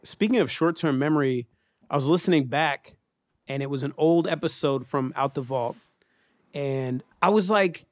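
A man's voice: on the high side, normal speed. A man co-hosting a podcast, telling stories and joking in casual chat. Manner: joking, animated storytelling. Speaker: podcast co-host.

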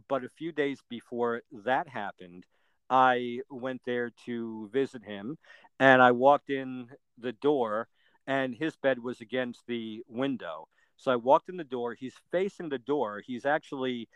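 A man's voice: medium pitch, clean tone, no echo, poor audio. A middle-aged man, a podcast guest, telling a personal story earnestly and plainly, step by step, with everyday fillers.

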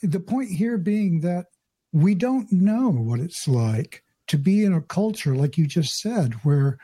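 A man's voice: high-pitched, expressive, slow, mellow, slightly rough. A man hosting a podcast interview, speaking reflectively and hesitantly with frequent restarts. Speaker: podcast host. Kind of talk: conversational interview.

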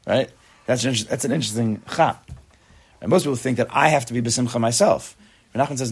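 Husky fast-talking rabbi teaching a class. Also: male voice, mid-range voice. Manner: quick, animated, chatty with students. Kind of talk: informal Torah class.

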